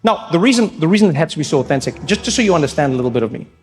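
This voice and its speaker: A man telling a story as a stand-up comedian, in an animated, playful way. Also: fairly high pitch, very fast. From South Africa. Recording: long reverb with faint music.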